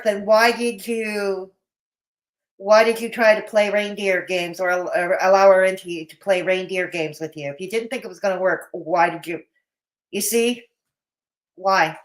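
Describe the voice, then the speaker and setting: A woman's voice: mid-range voice, steady tone, moderate pace, a bit bright. A woman hosting a live commentary stream, blunt and mocking in tone, with a Canadian accent. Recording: roomy echo.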